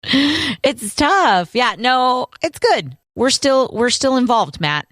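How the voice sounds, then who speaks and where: A woman's voice: high-pitched, sing-song, takes it slowly, fairly bright tone, dry recording, clean studio sound. Teasing woman co-host. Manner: teasing, upbeat, leads the segment. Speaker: podcast co-host. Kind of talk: casual chat.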